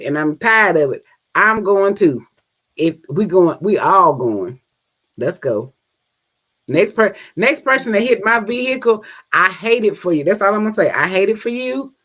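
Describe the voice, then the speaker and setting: A woman's voice: mid-range voice, animated, normal speed, a bit bright. A woman co-hosting a podcast in loose, casual chat. She speaks bluntly and emphatically, hammering the same phrases again and again to drive her points home. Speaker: podcast co-host.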